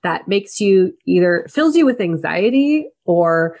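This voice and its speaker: Lively, laughing woman podcast co-host. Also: fairly low pitch, a little slow. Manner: animated, laughs often. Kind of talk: casual movie review chat.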